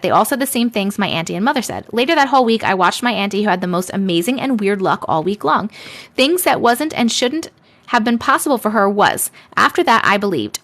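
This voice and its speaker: Speaking into a desk microphone, a woman hosts a casual live stream where she reads viewer stories in a playful, chatty way with sarcastic asides. Her voice is medium-pitched and a bit bright.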